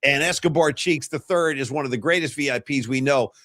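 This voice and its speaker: A man in his fifties hosting a sports talk podcast, telling stories in a casual, animated way. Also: medium pitch, brisk, dry recording, clean studio sound. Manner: animated storyteller, mimics guests. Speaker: podcast host.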